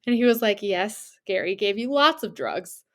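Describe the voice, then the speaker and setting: A young woman co-hosting a podcast tells a story casually in a mid-range voice at a moderate pace. Her retelling is lively, with laughter and voiced impressions of the characters.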